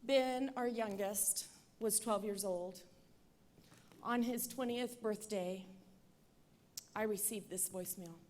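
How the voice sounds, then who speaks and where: A woman in her forties giving an earnest personal testimony speech on an auditorium stage, building to forceful appeals. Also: mid-range voice, takes it slowly, pauses often, slight background noise. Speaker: speaker at an event.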